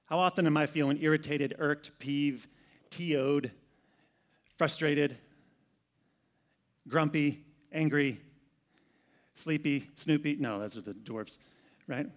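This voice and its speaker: This pastor has a higher-than-average male voice and talks slowly, pausing often. His sermon is conversational, full of repeated words, and moves between loud and quiet passages.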